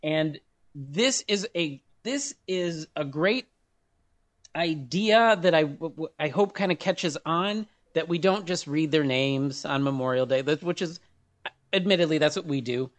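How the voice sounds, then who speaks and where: A man's voice: fairly high pitch, measured pace. A man co-hosting a podcast, talking earnestly and rambling with restarts. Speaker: podcast co-host. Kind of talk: casual podcast chat.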